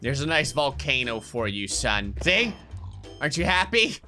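A man commentating his own Minecraft play, excitable, yelping and laughing at the chaos. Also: mid-range voice, moderate pace, faint music behind. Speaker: gaming YouTuber.

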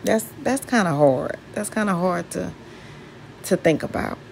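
A woman's voice: on the low side, lively intonation, measured pace, vocal fry, a little mellow, a little hiss or hum. A woman from Mississippi with a Southern accent, chatting casually to her viewers while she cleans her kitchen and asking them questions. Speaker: home vlogger. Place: home kitchen.

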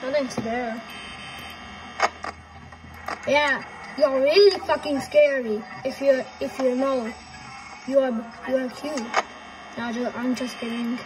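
A woman's voice: high-pitched, fairly even intonation, takes it slowly, pauses often, background noise. A young woman playing a horror game and commenting, swearing a lot and sounding jumpy and frightened. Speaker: gamer.

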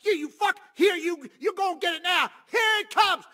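A man's voice: very high-pitched, expressive, measured pace, sharp tone, exaggerated voice. A man voicing a foul-mouthed, hot-tempered repairman in a video game, ranting and cursing to himself. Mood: threatening.

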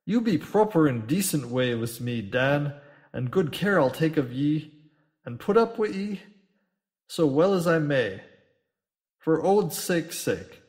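Firm hushing landlady, as a male reader puts her on, old rural dialect, storybook. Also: fairly high pitch, lively intonation, slow pace, voice pushed up. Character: firm, anxious woman innkeeper, hushing, dialect speech.

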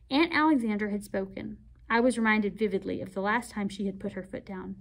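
Expressive woman reading a novel aloud. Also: mid-range voice, fairly quick, gravelly. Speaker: read-aloud host.

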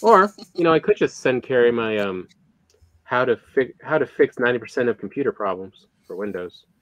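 A man's voice: medium pitch, lively intonation, brisk, a bit bright, no room sound. A man streaming a game, chatting casually in a rambling way and often trailing off mid-thought. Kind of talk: casual gaming chat.

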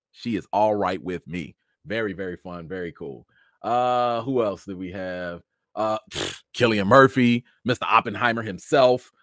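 A man casually telling stories from an awards show, chatty with many fillers, jumping into a high excited voice when acting out his encounters. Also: no room sound, clean studio sound. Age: adult with a child. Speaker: vlogger recounting an awards show. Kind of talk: casual storytelling chat.

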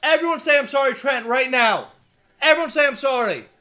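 Excitable high-voiced man opening cards. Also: brisk, faint music behind. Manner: excitable, shouts over big pulls; reads out player names one by one. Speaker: card break host. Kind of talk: live card-opening stream.

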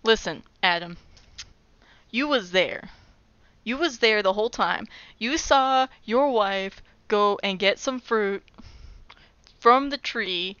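A woman in a wry, exasperated comic register, reading aloud and then snapping into loud disbelief. Her voice is smooth and clean, set in a dry, close space with slightly muffled, dull highs. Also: slow, pauses often, dry recording. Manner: wry, exasperated, breaks into loud incredulous outbursts. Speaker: comedic Bible reader. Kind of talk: casual comedic scripture commentary.

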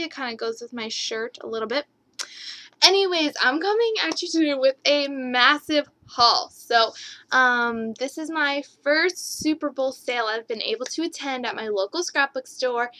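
A young woman gushing excitedly to her camera in a home video, recorded on the camera's microphone. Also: sits high, poor audio. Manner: bubbly, gushing. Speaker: vlogger. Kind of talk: excited haul vlog.

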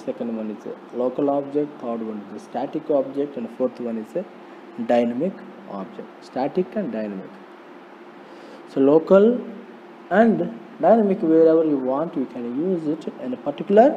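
A man with an Indian English accent giving a slow, repetitive programming lecture, often asking rhetorical questions. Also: medium pitch, lively intonation, mellow. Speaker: polytechnic lecturer. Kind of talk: recorded classroom lecture on programming. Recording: dull lo-fi recording, faint noise.

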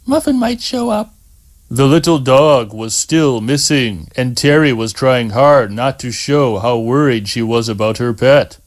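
Slow, measured male audiobook narrator. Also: mid-range voice.

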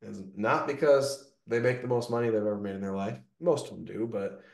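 A man's voice: fairly low pitch, brisk, creaky, reverberant. A man who owns a gutter business, telling stories in a casual interview, peppering his talk with "like" and "right?". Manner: energetic storytelling, frequent "like" and "right?". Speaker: gutter business owner, guest.

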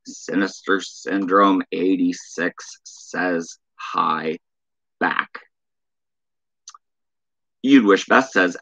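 A man hosting a casual live stream, reading viewer chat messages aloud in a flat drawl. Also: sits low, highs cut off.

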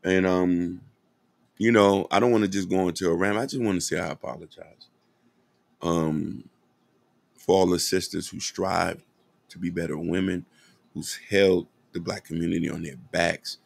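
Deep-voiced with vocal fry, a podcast host speaks at normal speed with fairly even intonation. His monologue is earnest and impassioned commentary, aimed directly at listeners he addresses as "y'all."

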